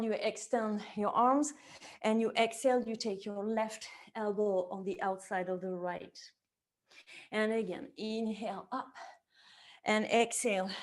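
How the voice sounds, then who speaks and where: A woman teaching a yoga class, calmly cueing each movement to the breath and gently offering options. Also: fairly high pitch. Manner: calm step-by-step cueing tied to the breath. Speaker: yoga teacher and somatic therapist. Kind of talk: guided yoga class instruction.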